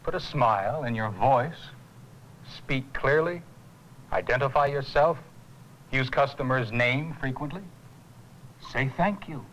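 An actor playing a calm, patient mentor who teaches customer service, in a 1980s educational film. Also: male voice, mid-range voice, a little slow, long pauses, close to an everyday voice, low-quality recording. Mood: instructive. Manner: calm, instructive. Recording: faint hiss on an old tape transfer.

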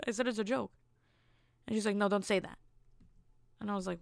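Candid young woman with a gravelly voice. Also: medium pitch, a little fast, pauses often, no echo, studio quality. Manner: blunt, candid storyteller; animated, acts out quotes. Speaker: podcast host. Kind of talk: casual solo podcast monologue.

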